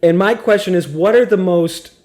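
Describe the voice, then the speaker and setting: A man hosting a comedy podcast in loose, joking banter. His voice sits a little high, and he talks in a playful, mock-grand way. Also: moderate pace, a little mellow. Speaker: podcast host.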